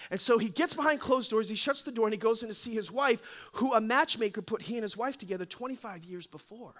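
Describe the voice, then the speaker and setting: Man, pastor, sermon, very high voice, bright tone, animated storytelling. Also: fast. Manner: animated storytelling, acts out quotes, playful asides.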